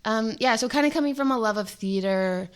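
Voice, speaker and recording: A young woman, a filmmaker and lead actor, talking casually in an interview, animated and full of "like". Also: fairly high pitch, brisk, clean tone. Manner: animated, chatty, peppered with "like".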